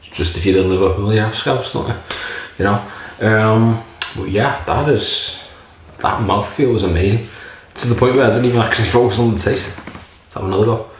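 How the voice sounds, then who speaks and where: A man's voice: fairly low pitch, a little fast, a little hiss or hum. A man casually reviewing a beer in a rambling, jokey way, swearing often. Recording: very echoey room.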